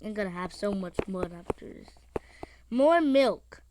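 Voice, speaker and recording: A woman commenting as she plays a mobile game, excitable, with sing-song chatter and yelps. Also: medium pitch, unhurried, background noise. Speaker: gamer.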